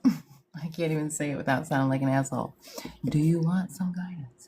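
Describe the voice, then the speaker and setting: A woman's voice: low voice, normal speed, a little mellow, a little hiss or hum. A woman hosting a live stream as a psychic medium, chatting casually in slang, greeting viewers and laughing often. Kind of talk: casual livestream chat.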